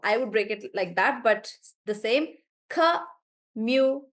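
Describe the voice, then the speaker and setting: A woman teaching a live online English class, warmly praising students and slowly drawing out words as she models how they sound. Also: fairly high pitch, expressive. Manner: encouraging, drawn-out words when modelling pronunciation.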